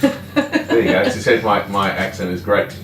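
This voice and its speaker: A man's voice: fairly low pitch, unhurried, fairly bright tone, recorded from a distance. A man co-hosting a casual livestream, joking, teasing and reading out viewer comments. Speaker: livestream co-host reading chat. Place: grooming room. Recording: roomy sound with air conditioning hum.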